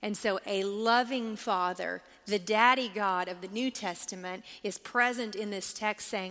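A woman's voice: mid-range voice, measured pace, few pauses, bright, forceful tone, long reverb tail. A woman teaching a Bible study class, reading scripture aloud and asking the group questions as she goes. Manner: engaging, asks the class questions.

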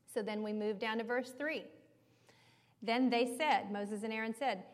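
Brief: woman Bible study teacher, conversational explainer, slightly high voice. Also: unhurried, big-room sound. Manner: explanatory, conversational, checks in with listeners.

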